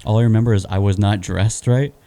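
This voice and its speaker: A man's voice: on the low side, fairly even intonation, quick pace, mellow. A man co-hosting a podcast, talking in a laid-back, rambling way. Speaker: podcast co-host. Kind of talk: casual chat.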